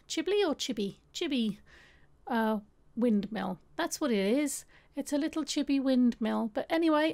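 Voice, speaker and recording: A young woman with a slightly high voice chats over her art video. She rambles and picks at her own work, restarting her sentences as she goes. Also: darkish tone. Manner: self-critical, rambling, many restarts. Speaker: art vlogger. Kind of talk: casual talk over a drawing video.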